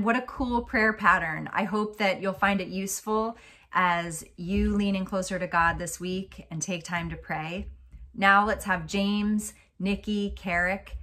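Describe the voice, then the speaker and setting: A woman's voice: medium pitch, fairly bright tone, slight background noise. A woman leading children's ministry gives a friendly, upbeat video address to her congregation in an encouraging, chatty way. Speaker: church children's ministry leader.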